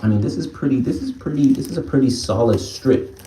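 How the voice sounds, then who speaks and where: A man's voice: medium pitch, lively intonation, fairly quick, warm tone, roomy sound, recorded from a distance, a little hiss or hum. A young man hosting a casual live stream, bantering with his chat, reading their comments aloud and laughing often. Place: indoors at home, small room.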